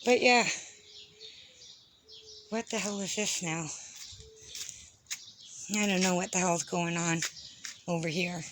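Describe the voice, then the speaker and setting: A woman's voice: on the low side, takes it slowly, long pauses. A woman vlogging outdoors with a handheld phone, walking around and ranting in a fed-up way, swearing often. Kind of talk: walking tour vlog, complaining. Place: outdoors around a house with birds. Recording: noisy outdoor phone recording.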